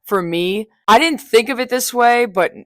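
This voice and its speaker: A woman's voice: a little high, normal speed, fairly bright tone, no echo, clean studio sound. A young woman hosting a podcast, talking in a casual personal monologue, blunt and frank, swearing freely with chatty asides. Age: young adult. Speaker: podcast host.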